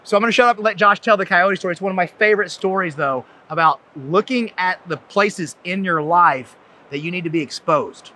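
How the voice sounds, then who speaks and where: A man with a softened Southern accent hosting a podcast, introducing his guest in a rambling, enthusiastic way. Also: high voice, fairly quick. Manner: rambling, many fillers and restarts, enthusiastic. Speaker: podcast host, chiropractor. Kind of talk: casual conversation, introducing a guest.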